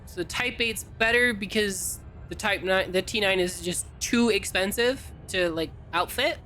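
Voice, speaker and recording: Woman streamer from california, joking with chat, sharp bright tone. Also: medium pitch, unhurried, soft background music. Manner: playful, teasing, answers chat. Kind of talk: casual game-stream chat.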